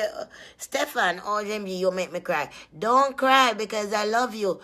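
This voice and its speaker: A woman's voice: medium pitch, measured pace, pushed and bright. A woman chatting casually with her viewers, teasing and laughing often.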